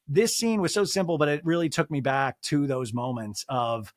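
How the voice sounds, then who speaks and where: An excitable man hosting a podcast, his voice sitting a little high as he chats with lots of energy and laughter. He breaks into exaggerated impressions whenever he quotes someone. The sound is close and dry, with no room around it. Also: moderate pace, no echo. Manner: animated, excitable, laughs often; jumps into exaggerated voices when quoting people. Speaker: podcast host. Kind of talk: casual chat recapping a TV episode.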